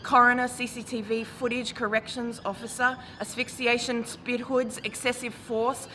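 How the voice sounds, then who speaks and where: A woman in her forties performing a spoken word poem with a measured, grave delivery that rises to impassioned calls. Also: a little high, little pitch movement, bright, forceful tone. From Australia. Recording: noisy recording with traffic ambience.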